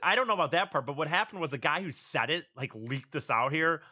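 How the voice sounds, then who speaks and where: Brief: male co-host, bright forceful voice, a bit higher, casual recap. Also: expressive, fast talker, muffled recording. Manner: explains with restarts, recounting news. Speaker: podcast co-host. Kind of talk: casual podcast chat.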